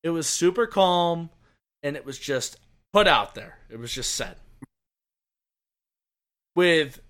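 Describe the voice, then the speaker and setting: A man with a high, bright voice co-hosts a casual podcast. He rambles eagerly, restarting sentences as he goes. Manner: excited, rambling, many restarts. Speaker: podcast co-host. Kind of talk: casual racing chat.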